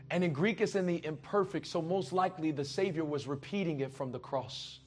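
A man preaching a sermon, emphatic and repetitive, moving from hushed lines to loud ones. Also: high voice, animated, brisk, few pauses, husky, soft background music.

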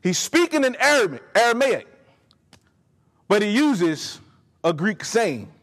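A man's voice: high-pitched, very animated, measured pace, a bit bright. A man preaching a sermon, emphatic and speaking directly to his congregation in a church. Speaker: pastor. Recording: long hall reverb.

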